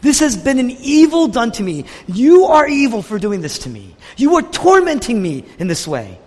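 A man's voice: a little high, lively intonation, brisk. A man voicing an angry, bitter male prophet who pleads and protests in raised outbursts, heard in a large echoing hall. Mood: anguished. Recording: long reverb of a large hall.

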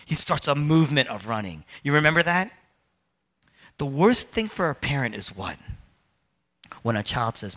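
Bright-voiced animated male preacher. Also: mid-range voice, normal speed, long pauses. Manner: animated preaching with rhetorical questions and acted-out complaints. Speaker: pastor. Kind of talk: sermon.

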